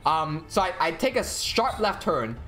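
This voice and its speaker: A man's voice: fairly high pitch, big pitch swings, unhurried, bright, forceful tone. A young man telling a long personal story while streaming a game, swearing often and acting out the quotes.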